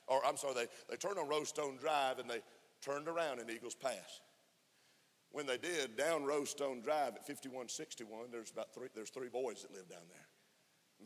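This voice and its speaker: A man's voice: mid-range voice, fairly bright tone. A man preaching a fervent sermon to a conference, often laughing and calling for amens. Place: church conference hall. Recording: echoey hall reverb.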